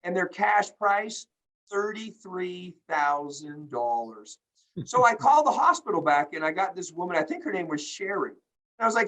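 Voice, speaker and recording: A man's voice: high voice, sing-song, normal speed, a bit bright, poor audio. A man speaking as a guest on a group video call, telling stories emphatically and with indignation, acting out quoted dialogue. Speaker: healthcare company executive, guest.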